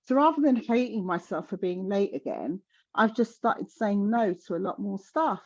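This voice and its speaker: A woman's voice: mid-range voice, expressive, normal speed. Frank South London woman, muffled audio. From South London, England. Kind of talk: casual conversation.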